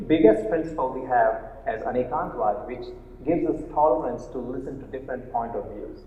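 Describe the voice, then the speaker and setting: Earnest man telling stories in an echoey hall. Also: mid-range voice. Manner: earnest, story-driven, halting with fillers. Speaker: panel speaker on Jainism. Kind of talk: storytelling panel talk. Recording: echoey hall heard through a tinny phone-like line.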